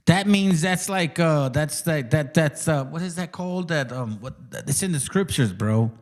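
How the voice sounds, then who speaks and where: A man's voice: fairly high pitch, moderate pace, hardly any pauses. A man hosting his channel, delivering a combative, profane and mocking livestream rant. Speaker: channel host.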